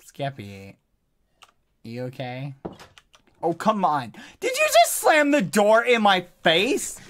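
A man live-streaming a game, talking in a pleading, apologetic way with loud exclamations. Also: high voice, wildly swooping pitch, takes it slowly, slight background noise. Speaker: gaming streamer. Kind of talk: live-streamed gameplay chat.

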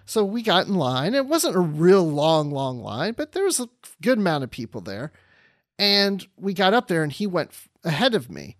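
A man's voice: on the high side, normal speed, dry recording, clean studio sound. A man co-hosting a podcast, telling an anecdote in a casual chat and acting out the quotes with laughter. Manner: animated anecdote teller, acts out quotes with laughter. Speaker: podcast co-host.

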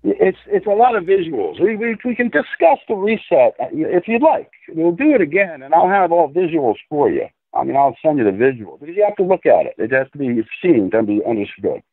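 A man with a high, swooping voice rants in a profane, insistent way, lecturing hard. He comes through a tinny phone line with a dry, close sound. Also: big pitch swings, brisk, few pauses, dry recording. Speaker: guest. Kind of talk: conspiracy rant in a call-in interview.

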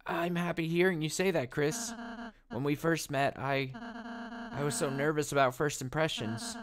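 A man voicing a gentle, shy young male goat prince who speaks softly and sincerely, with some hesitation. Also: a little high, moderate pace, pitched above the performer's own voice, lightly acted. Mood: tender.

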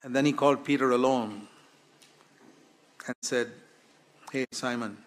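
A man's voice: mid-range voice, fairly even intonation, a little slow, slight background noise. A man preaching a sermon at a church service, earnest and building to fervent exhortation.

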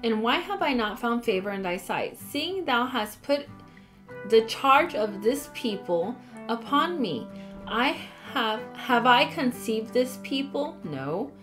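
A woman's voice: a little high, very animated, slow, fairly bright tone, faint music behind. A woman giving a casual Bible study, reading scripture aloud and adding chatty, apologetic asides. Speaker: Bible teacher.

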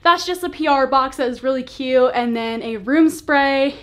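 A woman in her twenties talks in a casual, bubbly way as she shows off her bedroom. Her voice sits a bit high, and she fills her sentences with "like" as she rambles. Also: normal speed. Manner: bubbly, chatty, lots of fillers like "like". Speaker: vlogger giving a room tour. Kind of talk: casual chat. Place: bedroom at home.

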